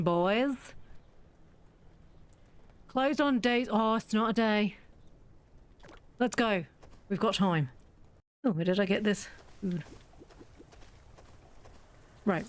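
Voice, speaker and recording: A woman chatting casually and mocking herself as she plays through a farming game. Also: medium pitch. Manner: chatty, self-mocking, thinks aloud. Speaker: game streamer. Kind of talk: casual let's-play commentary.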